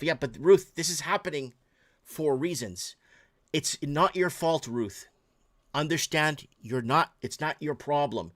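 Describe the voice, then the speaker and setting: A man's voice: a little high, unhurried, a bit bright. A man from Portugal hosting a late-night call-in show, ranting with heated emphasis and reading out viewer messages. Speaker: talk show host.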